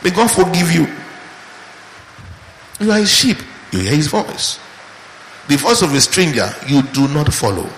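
A man preaching a sermon, asking the audience questions and quoting scripture in a slow, hushed voice. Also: fairly high pitch, very animated, a little hiss or hum. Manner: rhetorical questions, rising to loud emphatic peaks. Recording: echoey hall with faint ambience.

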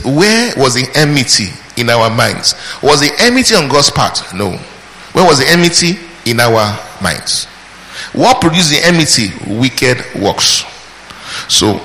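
A man's voice: medium pitch, bright, forceful tone. A man preaching a sermon, emphatic, asking the congregation questions, answering them himself, and calling out praise between points. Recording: long hall reverb with faint background noise.

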